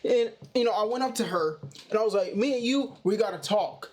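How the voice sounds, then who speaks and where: A young man casually telling a personal story in a slangy, animated way. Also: high voice, fairly quick, slight background noise. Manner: slangy, animated retelling with "bro" and "you know". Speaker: storytime vlogger.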